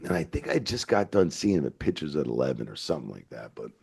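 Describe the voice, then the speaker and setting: A man in his fifties, a veteran referee, telling rambling, animated stories with plenty of swearing in a casual interview. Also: rumbling low, fast, creaky, husky. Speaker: veteran wrestling referee, guest.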